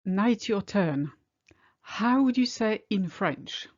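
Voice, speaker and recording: A woman teaching a French lesson in English, speaking clearly and slowing down to model French phrases. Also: mid-range voice, expressive, highs cut off. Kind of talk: language lesson.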